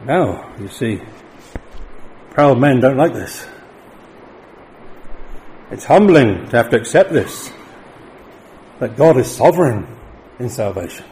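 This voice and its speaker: A middle-aged man preaching a sermon, lifting his voice for emphatic declarations and dropping low and quiet for solemn points. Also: very animated, slow pace, long pauses, slight background noise, poor audio.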